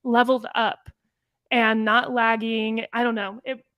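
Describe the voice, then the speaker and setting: A woman co-hosting a casual review podcast, talking in quick, animated bursts and peppering her sentences with "like". Her voice sits a little high, and the sound is dry and close, with no room echo. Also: smooth. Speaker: podcast co-host.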